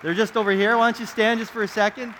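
A young man, a pastor telling a story in his sermon, earnest and animated, often repeating words as he goes. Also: high-pitched, quick pace, a faint crowd, a little hiss or hum. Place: church sanctuary. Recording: reverberant church hall.

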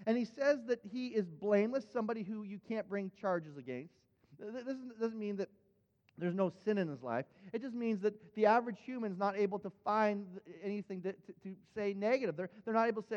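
A man's voice: high voice, lively intonation, moderate pace, darkish tone. A man preaching a sermon in church who speaks earnestly and stumbles into repeated words as he starts each phrase. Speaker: pastor. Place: church sanctuary. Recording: dull, echoing church hall.

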